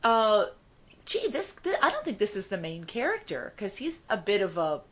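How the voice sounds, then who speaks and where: A woman's voice: mid-range voice, big pitch swings, normal speed, muffled recording. A woman co-hosting a casual movie podcast, chatty and self-deprecating. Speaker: podcast co-host.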